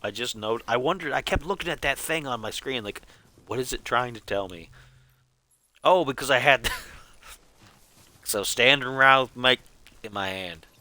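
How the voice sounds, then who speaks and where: Goofy rambling man, bright voice. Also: medium pitch, normal speed, pauses often. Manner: goofy, rambling, chuckling at his own jokes. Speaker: streamer. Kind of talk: casual live gameplay chat.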